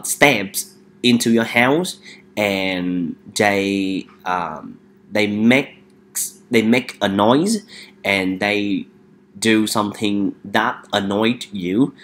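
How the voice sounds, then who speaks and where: A man's voice: lowish voice, fairly bright tone. A man teaching an English vocabulary lesson. He often hesitates and repeats each word for the listener to drill.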